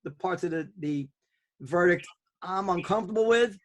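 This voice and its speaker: A man's voice: high-pitched, normal speed. A man hosting a casual panel talk, rambling with many fillers and restarts. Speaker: podcast host.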